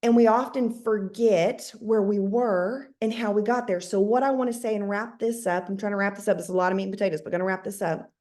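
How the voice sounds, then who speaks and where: A woman's voice: medium pitch, fairly even intonation, fairly quick, few pauses, darkish tone. A woman in her thirties giving an emphatic motivational talk to her team, often repeating words for emphasis. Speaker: network marketing team leader.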